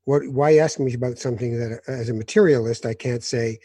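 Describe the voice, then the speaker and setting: Mellow, husky male host. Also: medium pitch, no room sound. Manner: thoughtful, measured, interjects gently. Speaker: interview host. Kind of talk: conversational interview.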